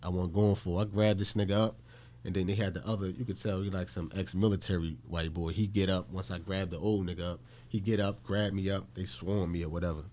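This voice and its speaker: A man's voice: low-pitched, steady tone, fast talker, dark tone, slight background noise. A man from Newark, New Jersey, a podcast guest telling a story in casual, blunt, profane talk and acting out the voices he quotes.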